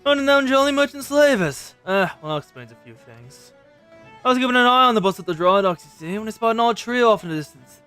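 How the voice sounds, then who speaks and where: Guy doing a folksy old shipwright, gruff, kinda high voice. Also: expressive, fast, sharp tone, faint music behind, exaggerated voice. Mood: conspiratorial. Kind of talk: reading game dialogue aloud.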